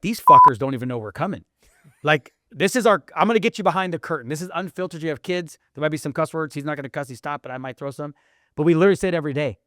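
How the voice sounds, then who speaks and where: A man co-hosting a podcast in casual chat, hyped and emphatic, sometimes bursting into shouting. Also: on the high side, no echo, clean studio sound. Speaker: podcast co-host.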